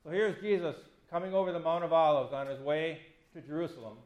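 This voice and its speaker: A man's voice: a little high, quick pace, darkish tone, echoey room. A man in his fifties, a pastor giving a conversational sermon that acts out quoted speech with a self-deprecating touch. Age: 50s. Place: church.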